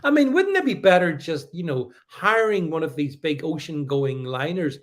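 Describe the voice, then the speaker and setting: With a fairly high pitch and a very animated delivery at moderate speed, a man reads viewer comments on his political commentary stream and retorts emphatically and sarcastically. He often stumbles, restarts, and slips in sarcastic remarks.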